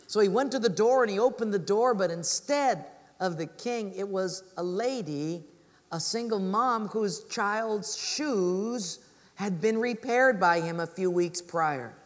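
High-voiced pastor preaching in a reverberant church. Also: male voice, unhurried. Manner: storytelling, acts out voices of people in his stories. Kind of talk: sermon.

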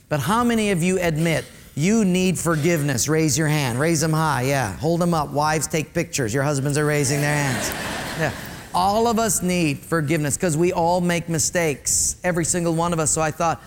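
A middle-aged male pastor preaches with animated energy, speaking straight to his congregation and repeating key phrases for emphasis. His voice is a little high, his pace moderate, and there's slight background noise.

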